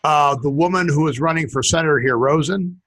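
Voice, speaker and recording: Husky-voiced man rambling in casual chat. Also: a little high, fairly quick. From western United States. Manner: rambling, animated storyteller. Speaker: podcast co-host.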